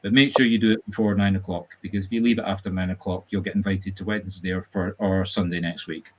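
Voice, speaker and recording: A man with a Scottish accent, a medium hosting a casual live-stream chat, talking in a chatty, animated, jokey storytelling way. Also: low-pitched, fast, noisy background. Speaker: medium and host. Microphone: video call setup.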